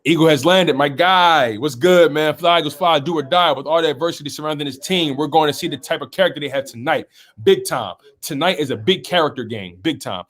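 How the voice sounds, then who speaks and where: A man's voice: on the high side, quick pace, hardly any pauses, a bit bright. A man hosting a casual sports talk live stream, reading viewer comments aloud and reacting to them.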